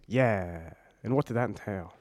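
Speaking in a lowish, slightly mellow voice at a moderate pace, this young adult co-hosts a laid-back college radio program while nursing a stuffy cold. He wanders, corrects himself, and jokes around, recorded on a studio mic with no echo.

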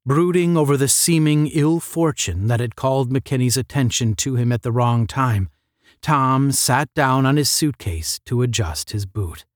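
A man reading a novel aloud in a measured, expressive narration. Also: medium pitch, no room sound, studio quality. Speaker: reader. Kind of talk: audiobook narration.

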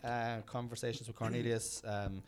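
A man's voice: medium pitch, level tone, normal speed. A middle-aged man hosting his own comedy podcast at home, talking in a rambling, self-mocking way full of fillers. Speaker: podcast host and stand-up comedian. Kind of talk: casual podcast chat and mic tests. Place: room at home.

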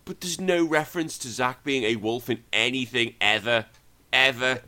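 A man's voice: medium pitch, normal speed, pushed and bright. A man hosting a podcast, retelling a movie scene by scene in casual, profane chat. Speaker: podcast host.

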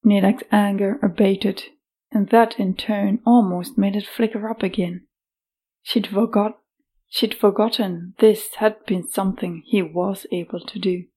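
A woman narrates an audiobook at an unhurried, slow pace. Her voice sits at a middle pitch, and she tells the story steadily. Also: steady tone, dark tone, breathy edge.

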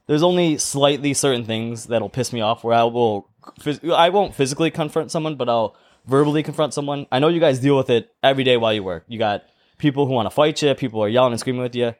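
A man's voice: mid-range voice, fast talker. A man co-hosting a casual podcast, telling a story at length and acting out the people in it. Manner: animated storyteller, acts out quoted voices. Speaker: podcast co-host.

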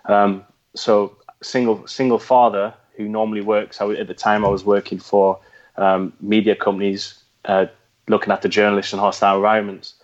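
A man with a Geordie accent talks in a low voice. He speaks reflectively, with fillers and restarts. The audio is dull and lo-fi. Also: flat delivery, normal speed. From North East England. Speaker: guest, former special forces veteran. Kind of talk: conversational interview.

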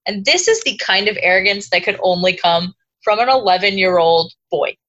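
A woman's voice: medium pitch, lively intonation, normal speed, fairly bright tone, highs cut off. A woman co-hosting a podcast, chatting sardonically and swearing freely. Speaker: podcast co-host. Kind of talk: casual book-club chat.

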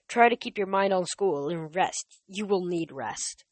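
A woman's voice: lowish voice, animated, dry recording. A woman doing a weary old centaur. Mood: grave. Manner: slow, grave and sighing. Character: wise old male centaur teacher, weary.

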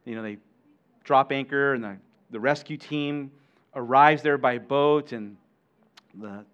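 A man's voice: mid-range voice, a little slow, clean tone, dull audio. Conversational male pastor preaching. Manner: conversational, warm asides to congregation, self-correcting restarts. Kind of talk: sermon.

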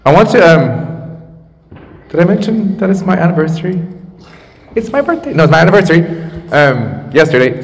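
A man in his thirties, a pastor, preaching a sermon casually, with asides and restarts, on a makeshift microphone in a church. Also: mid-range voice. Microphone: makeshift microphone after the main one broke. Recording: long church reverb.

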